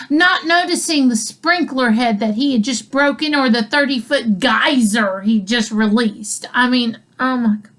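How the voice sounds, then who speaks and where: A woman's voice: high-pitched, unhurried, a bit bright. A woman telling a comic story, rambling with asides and chuckling between lines. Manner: rambling, self-interrupting with asides. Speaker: comedian. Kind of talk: comedic storytelling.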